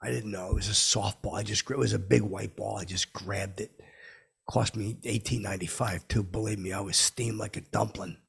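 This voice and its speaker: A man's voice: on the low side, steady tone, a little fast, vocal fry, husky. A man rambling through a comic story, stammering and repeating himself in a brash way. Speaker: comedy podcast host telling a story.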